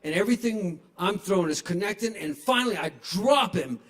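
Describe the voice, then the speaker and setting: A man works a small bar crowd through a stage microphone, playful and self-mocking. His voice sits high for a man. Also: expressive, fairly quick, fairly bright tone. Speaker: stand-up comedian. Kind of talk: stand-up comedy set. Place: small bar at a live open mic. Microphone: handheld stage microphone.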